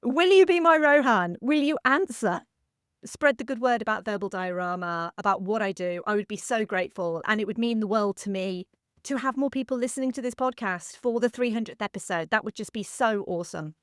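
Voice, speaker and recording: Speaking fairly quickly in a clean, mid-range voice, this thirtysomething host of a film history podcast delivers an earnest, grateful solo monologue with a touch of emotion. The sound is dry and clean, straight from a studio.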